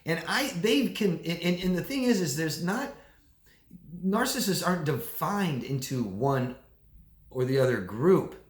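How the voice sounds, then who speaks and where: A man, a coach, talking casually to camera with animated delivery, often repeating words. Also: fairly high pitch, unhurried. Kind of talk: casual talking-head video. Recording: echoey room.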